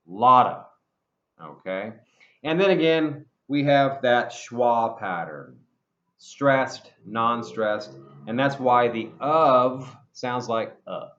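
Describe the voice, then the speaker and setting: A man gives a pronunciation lesson at an unhurried, measured pace, modeling each sound with care and drilling short phrases over and over. His voice sits in a middle register. The recording is roomy and a little dull. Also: medium pitch. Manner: slow, deliberate modeling of sounds, spelling words out and repeating drill phrases. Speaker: English pronunciation teacher.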